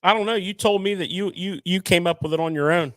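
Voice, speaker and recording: A man's voice: high voice, quick pace, a bit bright, dry recording. A man co-hosting a casual chat, teasing with wisecracks.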